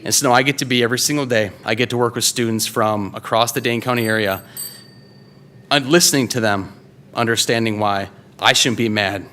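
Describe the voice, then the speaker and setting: A man in his thirties from Wisconsin tells a true story onstage at a story slam, speaking into a handheld mic. His voice is bright and forward at an ordinary pitch. He talks loosely and conversationally, full of fillers and false starts. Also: fairly even intonation, brisk, slight background noise. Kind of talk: live first-person storytelling. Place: live stage before an audience.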